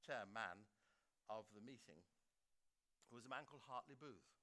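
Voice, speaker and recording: An older man from England giving an anecdotal speech at a book launch, animated and laughing often as he acts out quotes. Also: medium pitch, moderate pace. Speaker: guest speaker at a book launch. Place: school theatre.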